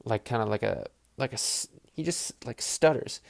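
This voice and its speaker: A man's voice: mid-range voice, normal speed, creaky, no room sound, studio quality. A man hosting a football podcast in a loose, rambling way, swearing freely and acting out players' voices in his asides. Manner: rambling, profane, animated asides with quoted voices. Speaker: podcast host. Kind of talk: casual football commentary.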